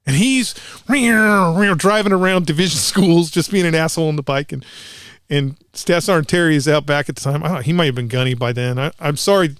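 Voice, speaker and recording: A man's voice: on the high side, fairly quick, smooth, no echo, studio quality. A man, a former Marine, telling rambling military anecdotes on a podcast with many restarts and acted-out quotes. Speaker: podcast co-host. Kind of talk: casual storytelling chat.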